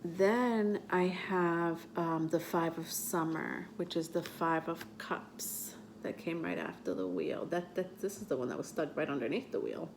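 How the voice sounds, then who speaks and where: Female tarot reader, unhurried and low, rambling and conversational as she reads cards aloud. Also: lively intonation, slight background noise. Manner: chatty, many fillers and restarts, reads card texts aloud haltingly. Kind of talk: casual tarot reading vlog.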